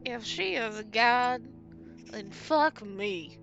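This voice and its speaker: A woman player speaking in character in a tabletop game, brisk and joking. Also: fairly high pitch, lively intonation, creaky, fairly bright tone, muffled recording, faint music behind. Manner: brisk, joking, laughs easily.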